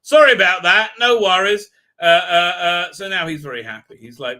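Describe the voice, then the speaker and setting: Bright-voiced man rambling through a recap. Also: a little high, normal speed. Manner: rambling, filler-heavy, irreverent. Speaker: show host. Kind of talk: live stream episode recap.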